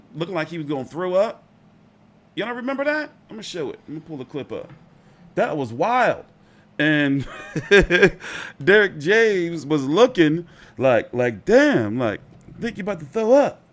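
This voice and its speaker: A man hosting a boxing channel, talking through fight news in a loose, chatty way, swearing freely and filling with "like" and "you know.". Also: fairly high pitch. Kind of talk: casual fight commentary.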